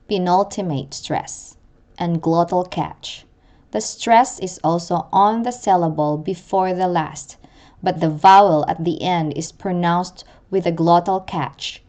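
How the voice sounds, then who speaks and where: A woman gives a language lesson in a slow, unhurried voice, pronouncing each example with deliberate care and repeating it. Her voice sits a little low for a woman, and she keeps an instructional, patient delivery throughout. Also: a little mellow. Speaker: language teacher.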